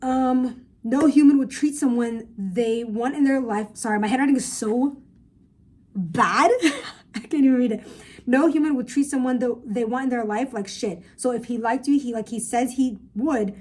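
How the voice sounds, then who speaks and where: A woman's voice: on the high side, normal speed, darkish tone. A young woman in a casual podcast-style rant, giving blunt, emphatic, profane advice to viewers, recorded on a phone. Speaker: vlogger. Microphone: phone camera.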